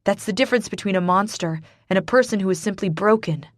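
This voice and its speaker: Audiobook read: woman as a blunt, calming male friend, mid-range voice, dry booth. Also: mid-range voice, fast, no room sound, close to an everyday voice. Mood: firm, calming. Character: steady protective male friend. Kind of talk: audiobook character voice.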